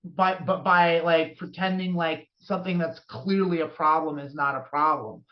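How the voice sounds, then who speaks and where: A podcast co-host talking in casual chat, heated and rambling, with many restarts. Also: female voice, sits low, steady tone, normal speed. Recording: dull lo-fi sound.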